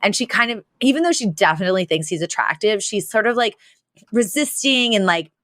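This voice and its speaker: A young woman hosting a podcast, retelling a sitcom episode in a casual, animated way, full of "like". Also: medium pitch, a little fast, no echo, clean studio sound. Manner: animated retelling, many "like" fillers. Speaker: podcast host.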